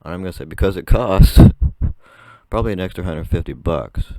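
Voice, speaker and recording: Young guy talking to his camera, real low voice that still cracks, dry close sound, laughs a lot while he rambles. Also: expressive, moderate pace, creaky, mellow, no echo. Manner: chatty, rambling, laughs often. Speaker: vlogger. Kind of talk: casual storytelling to camera.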